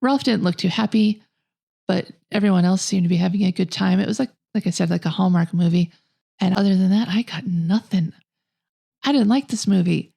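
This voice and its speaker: A woman co-hosts a casual film review podcast, delivering blunt, scathing verdicts. Her voice is mellow and dark in tone, with a noticeable gravelly fry running through it. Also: mid-range voice, a little fast. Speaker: podcast co-host.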